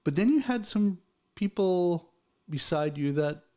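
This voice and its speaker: A man's voice: high voice, lively intonation, measured pace, warm tone. Man hosting a casual chat. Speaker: host. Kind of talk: casual conversation.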